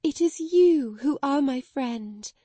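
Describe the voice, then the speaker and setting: A woman's voice: on the high side, a little slow, mellow, dry recording, voice pushed up. A woman voicing an earnest, tender young girl who speaks with eager, breathless wonder. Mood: joyful.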